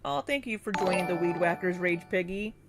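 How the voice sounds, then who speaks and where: A woman's voice: on the low side, lively intonation, brisk, over music. A young woman hosting a casual livestream, reading out viewer names, thanking them and laughing often between replies. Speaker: livestream host.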